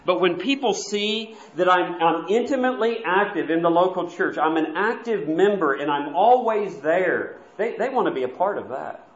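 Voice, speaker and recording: A man preaching a sermon in a church, telling a story earnestly and sometimes dropping to soft, quiet asides. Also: high voice, animated, normal speed, few pauses. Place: church sanctuary. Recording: dull, roomy church recording.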